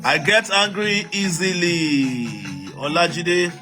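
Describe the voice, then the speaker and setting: A man's voice: sits high, slow, over music. A Nigerian man hosting a live stream, reading out viewer comments and urging the audience to write in, switching between English, Pidgin and Yoruba.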